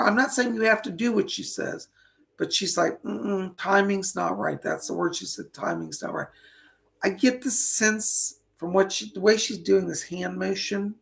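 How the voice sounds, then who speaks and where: A man's voice: sits high, gravelly, a bit bright. A man hosting a live online psychic reading, talking chattily, greeting viewers by name, and losing his voice.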